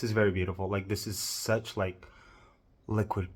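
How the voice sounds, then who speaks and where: A man with a Southern US accent narrating a makeup tutorial, gushing with drawn-out exclamations. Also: on the low side, little pitch movement, a little hiss or hum. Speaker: makeup vlogger.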